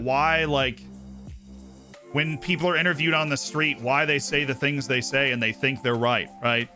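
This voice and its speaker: A man's voice: a little high, sharp tone. An American man from Florida, a streamer rambling in casual chat while playing a football management game, full of asides and "right?" tags. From Tampa, Florida.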